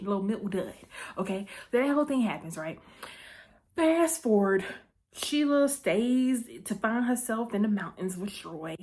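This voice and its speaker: Woman, vlog host, casual movie recap, chatty asides, mid-pitched voice. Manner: chatty storyteller, keeps checking in with "okay?"; breezy and playful, with asides and quick self-corrections.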